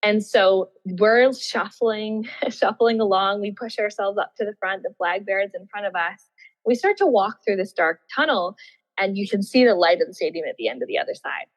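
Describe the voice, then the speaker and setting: A woman, a former Olympian, telling her story in a casual interview. She is animated, laughs often and acts out what she was thinking at the time. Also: medium pitch, normal speed. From Australia. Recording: dull, muffled audio with long reverb.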